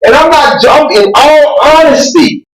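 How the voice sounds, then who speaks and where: A woman preaches a sermon in a passionate, conversational way, her voice straining toward shouts. It sounds roomy and echoing. The mic sits some distance away from her. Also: high-pitched, moderate pace. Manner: impassioned, conversational preaching with voice breaking into near-shouts.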